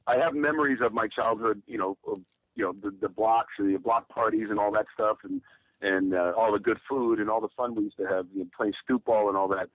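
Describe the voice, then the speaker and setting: A man's voice: lowish voice, steady tone, fairly quick, no echo, phone-quality sound. A man from the United States, a guest in a casual interview, telling stories in a laid-back, rambling way.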